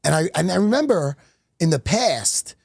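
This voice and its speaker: A middle-aged man telling stories as a podcast guest, animated and profane. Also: a little high, moderate pace, creaky, husky, dry recording. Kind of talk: casual podcast chat.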